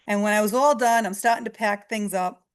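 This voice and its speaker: A middle-aged woman, a psychic medium, chattily recounting her early readings in an interview, hoarse and losing her voice. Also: mid-range voice, fairly quick. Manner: chatty, retells exchanges with quoted voices. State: losing her voice, clearing throat. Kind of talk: storytelling in an interview.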